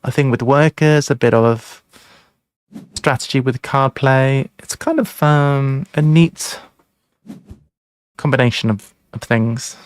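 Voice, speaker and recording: A man's voice: mid-range voice, slow pace, pauses often, clean tone, no room sound, clean studio sound. A man hosting a live board game stream, chatting casually and thinking aloud over his moves. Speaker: streamer host. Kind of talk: casual chat during an online board game.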